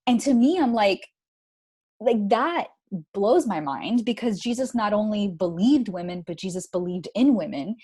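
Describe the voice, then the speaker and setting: A woman's voice: mid-range voice, moderate pace, breathy edge. A woman guest in an interview, telling stories animatedly with many "like"s and "you know"s. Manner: animated storytelling, many likes and you-knows. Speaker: guest, author. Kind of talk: conversational interview.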